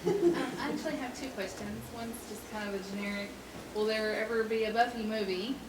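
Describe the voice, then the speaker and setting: A woman in the audience asking a panelist questions, halting and apologetic. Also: a little high. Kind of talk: convention Q&A question. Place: large convention hall. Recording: echoey hall from far off, loud background noise.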